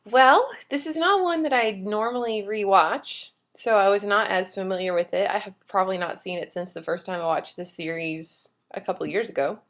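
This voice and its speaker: A woman's voice: mid-range voice, moderate pace, hardly any pauses, a bit bright. A woman co-hosting a podcast, chatting casually and recapping an episode with playful jokes. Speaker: podcast co-host.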